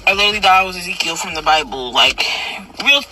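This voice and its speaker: A person telling a personal story in casual chat, animated and acting out quotes with sudden loud, high bursts, recorded in a car. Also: quick pace, noisy background.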